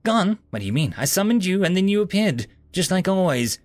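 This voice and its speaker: A man voicing Suma, a cheerful, curious little female creature, in a bright, chirpy tone. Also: high voice, big pitch swings, fairly quick, dry recording, pitched above the performer's own voice.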